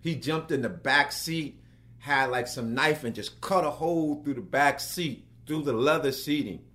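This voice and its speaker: Brief: male actor guest, animated storyteller, jumps up in pitch to act out quotes, mid-pitched voice. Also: moderate pace. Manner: lively, acts out quotes with big pitch jumps.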